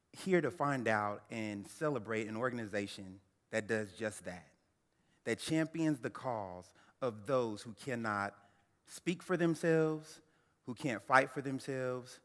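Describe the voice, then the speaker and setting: A man in his thirties giving a keynote speech, telling a personal story with dramatic pauses and talking straight to the audience. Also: fairly low pitch, fairly bright tone. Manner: dramatic storyteller who addresses the audience directly. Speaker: keynote speaker. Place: large banquet hall. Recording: echoey banquet hall through a PA.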